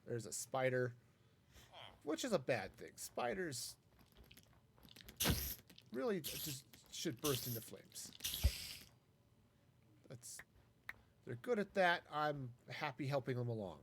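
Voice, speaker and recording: A man's voice: mid-range voice, big pitch swings, takes it slowly, gravelly, long pauses, fairly bright tone, slightly rough. A man casually talking through a live game stream, wry and self-mocking as he rambles. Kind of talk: casual gameplay commentary.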